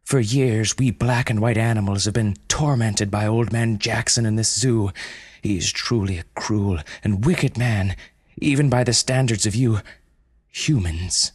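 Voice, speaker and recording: A man's voice: lowish voice, measured pace, breathy edge, no echo, clean studio sound, pitched above the performer's own voice. A man doing a bitter, proud female panda. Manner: formal, slightly broken English. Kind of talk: storytelling audio drama.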